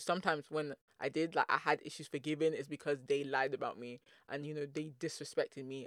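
A Nigerian man hosting a solo motivational podcast, bubbly, energetic and playful, full of slang and calling listeners "boo boo". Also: on the high side, no room sound, studio quality. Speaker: podcast host.

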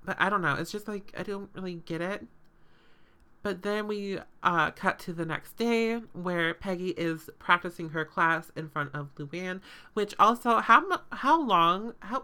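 A woman's voice: lowish voice, sharp tone. A woman hosting a podcast, recapping a show in casual, sarcastic chat full of fillers and swearing.

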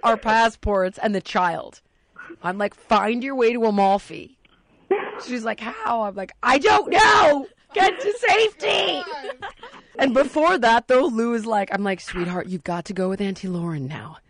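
A woman's voice: mid-range voice, moderate pace. A woman telling a story in casual podcast talk, acting out the quotes with lots of energy. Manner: animated, acts out quotes.

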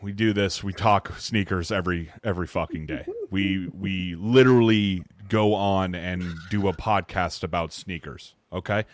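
A man hosting a casual sneaker podcast, swearing freely, restarting sentences and breaking into loud mock outrage. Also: low-pitched, moderate pace, few pauses, no echo. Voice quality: profane, restarts often. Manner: excitable, loud outbursts when mock-outraged. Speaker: podcast host.

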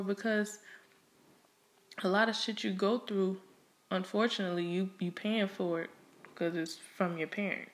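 A woman's voice: mid-range voice, steady tone, moderate pace. A young woman speaks openly and bluntly about her own life, in a loose, conversational flow. She leans on fillers and restarts, swears without holding back, and pushes hard on the points she cares about. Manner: frank and emphatic, with heavy cursing. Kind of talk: candid personal monologue.

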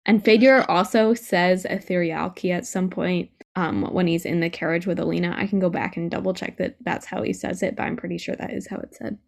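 A woman with a lowish, gravelly voice talks through a fan theory in a relaxed podcast chat. She builds her point step by step with examples, casual and analytical. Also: a little fast, few pauses.

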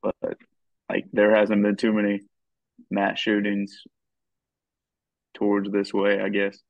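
A man co-hosting a podcast, speaking in a hesitant, halting way with a gravelly voice. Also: on the low side, completely flat delivery, dry recording. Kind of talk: casual conversational discussion. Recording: dull lo-fi dry sound.

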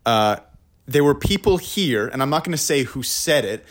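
A young man co-hosting a podcast, rambling in a relaxed chat with many fillers and frequent laughs. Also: mid-range voice, normal speed. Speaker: podcast co-host. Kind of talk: casual chat.

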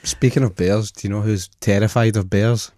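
A man's voice: fairly low pitch, steady tone, brisk, warm tone, no echo, clean studio sound. Sweary Scottish man telling stories. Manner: blunt, sweary storytelling. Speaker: podcast guest. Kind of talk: casual chat.

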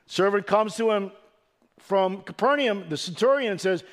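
High-voiced man preaching earnestly. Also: normal speed, a bit bright. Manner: earnest, emphatic preaching with swelling and dropping delivery; occasional stumbling restarts. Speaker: pastor. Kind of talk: sermon.

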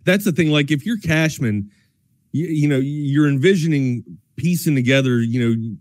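A man co-hosting a sports talk show, loose and excitable, cursing casually. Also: on the high side, normal speed, no echo.

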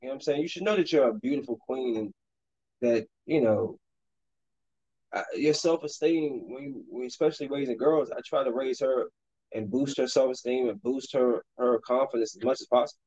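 A man in his thirties chatting casually while he plays a basketball video game, rambling and then breaking into sudden loud outbursts at the game. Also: medium pitch, normal speed, husky, highs cut off. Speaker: streamer and father.

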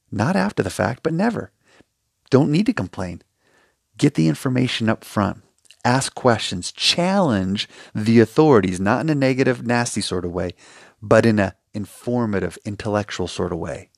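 A man's voice: on the low side, creaky, dry recording, studio quality. A man hosting a solo advice podcast, talking emphatically and with passion, acting out short dialogues. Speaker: podcast host.

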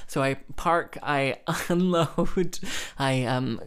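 A harpist with a low, smooth voice speaks slowly as she tells a casual, rambling anecdote. She's chatty, leans heavily on "like," and laughs softly between phrases.

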